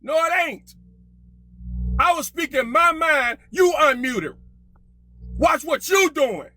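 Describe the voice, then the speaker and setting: A man arguing hotly on a group call, loud and combative, repeating himself as he talks over others. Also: very high-pitched, expressive, takes it slowly, no room sound. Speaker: participant in an online group call. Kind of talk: heated argument.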